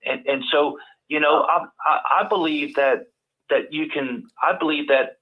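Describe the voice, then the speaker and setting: A man with a Cajun Southern accent, a guest on a call-in show, talking in halting bursts full of repeated words. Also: a little high. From Louisiana, US South. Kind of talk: casual call-in talk. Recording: tinny phone-line audio.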